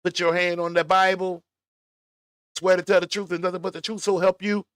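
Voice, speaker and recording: A man riffing on a clip he's reacting to, blunt and mocking, with plenty of cursing. His voice sits a little high. The sound is dry, with no room around it. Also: flat delivery, fairly quick, fairly bright tone, clean tone, dry recording. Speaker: commentary vlogger. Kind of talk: reaction commentary.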